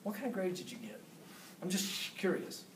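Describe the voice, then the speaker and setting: A man giving a motivational seminar talk, animated, acting out quotes with big jumps in pitch. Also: normal speed, noisy background. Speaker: speaker at a business seminar. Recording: echoey room, voice from far off.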